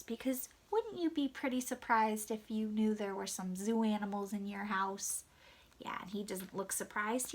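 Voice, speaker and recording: A woman with a high voice reads a picture book aloud to young children. She asks them gentle questions and sometimes drops to a hushed whisper.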